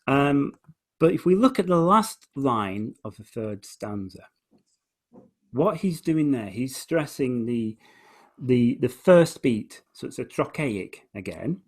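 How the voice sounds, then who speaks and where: A man's voice: mid-range voice, sing-song, slow. A man hosting a casual conversation, enthusiastically explaining poetry and often restarting his phrases. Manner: enthusiastic, explains by reading lines aloud and stressing beats. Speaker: host, musician.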